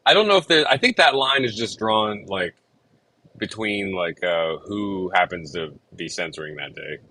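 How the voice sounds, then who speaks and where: A man's voice: low voice, animated, normal speed, pushed and bright, a little hiss or hum, low-quality recording. A man chatting casually about writing a song, rambling with many fillers and restarts. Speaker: songwriter and show host. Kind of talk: casual chat about songwriting.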